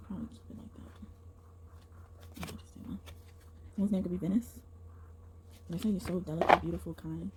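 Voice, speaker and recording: A young woman giving a casual tarot reading to her viewers, excited and rambling, often breaking into exclamations and slang. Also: on the low side, fairly quick, long pauses, heavy background noise. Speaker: tarot reader.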